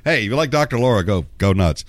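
A man hosting a talk radio show, rambling and sarcastic with plenty of cursing, getting over a cold and clearing his throat. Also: fairly low pitch, animated, fast, dry recording. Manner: sarcastic, profane, rambling with restarts. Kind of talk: casual talk radio monologue.

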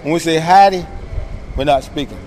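A man's voice: high voice, a little fast. A man telling stories in a casual chat, acting out voices as he goes. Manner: animated storyteller, acts out voices. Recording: noisy outdoor street recording.

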